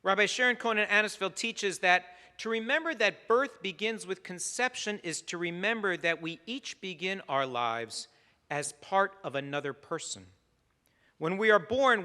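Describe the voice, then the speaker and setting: A man, a rabbi, delivering a holiday sermon in measured, emphatic phrases with long pauses. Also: high voice, sharp tone. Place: synagogue sanctuary. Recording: long reverb of a large sanctuary.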